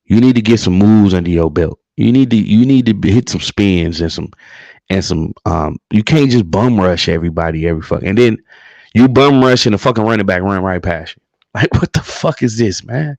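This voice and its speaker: Fairly quick and low-voiced with a slightly mellow quality, a livestream co-host launches into a casual, profane rant about his team, heated and repetitive. The recording is dry.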